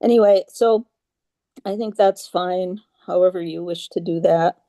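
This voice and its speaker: A yoga class leader with a voice on the low side leads a group meditation via video call, speaking slowly, softly, and mellowly. She pauses patiently, drops in small fillers, and chants her mantras in a flat monotone. The audio is dry and close.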